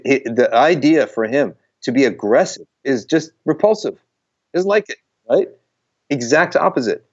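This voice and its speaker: A man's voice: mid-range voice, dull audio. A man talking in an earnest, emphatic way as a guest in a conversation, often circling back and restarting his phrases. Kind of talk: conversational talk.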